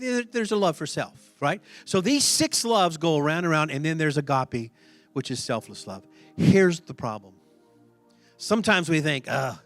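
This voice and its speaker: Animated preaching man, high-pitched voice. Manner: animated, conversational preaching with frequent laughs and repetitions. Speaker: pastor. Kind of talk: sermon.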